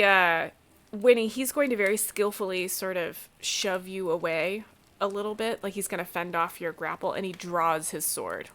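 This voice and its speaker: A woman acting as game master of a tabletop role-playing game, narrating and pausing to think aloud while she works a map program. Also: fairly low pitch, creaky, fairly bright tone. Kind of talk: running a tabletop game over a call.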